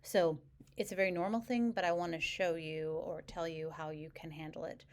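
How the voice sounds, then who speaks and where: A middle-aged woman talks straight to camera as a couples coach, calm and even in her delivery. Her voice sits a little low, and she slips into short example lines to show how a partner might sound. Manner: calm, measured, explains with acted example phrases. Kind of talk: direct-to-camera advice video.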